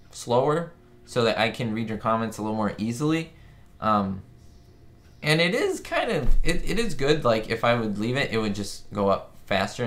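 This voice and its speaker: Chatty man live-streaming commentary. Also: mid-range voice. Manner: chatty, reads chat aloud, excitable asides. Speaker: host. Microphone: webcam setup.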